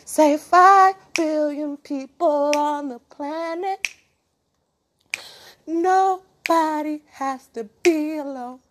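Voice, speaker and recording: Very high-voiced woman half-singing. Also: very slow, a little hiss or hum. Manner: rhythmic call-and-response with herself, repeating "what?" and "yeah"; swings between soft murmurs and loud sung bursts. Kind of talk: improvised half-sung monologue.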